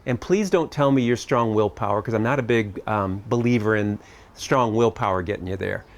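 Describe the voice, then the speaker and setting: A man's voice: on the low side, moderate pace. A middle-aged man speaking at a family camp, giving a reflective talk in a conversational way. He asks his listeners searching questions and adds light humor.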